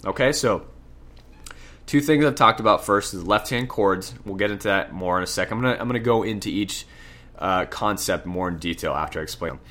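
Sick man teaching piano, lowish voice. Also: a little fast. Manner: relaxed, self-correcting explanations with frequent "right?". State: sick, slight lisp. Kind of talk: casual music lesson. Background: piano playing between explanations.

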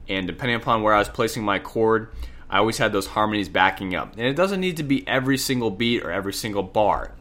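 A man with a cold and a slight lisp, casually explaining solo piano technique and often checking in with "right?". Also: fairly low pitch. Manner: relaxed, self-correcting explanations with frequent "right?". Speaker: piano teacher. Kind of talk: casual music lesson. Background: piano playing between explanations.

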